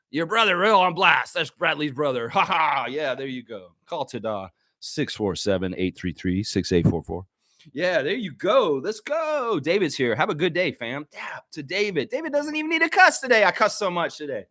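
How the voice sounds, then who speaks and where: A man's voice: fairly high pitch, big pitch swings, moderate pace, bright, forceful tone, dry recording, clean studio sound. A man hosting a live sports chat stream, brash and trash-talking, reading viewer comments aloud.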